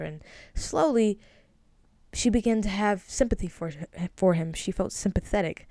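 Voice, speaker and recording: A woman's voice: lowish voice, a little mellow, dry recording, clean studio sound. A woman hosting a casual solo podcast, talking in an earnest, fan-like way with many restarts and fillers. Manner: rambling, frequent restarts and fillers. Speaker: podcast host.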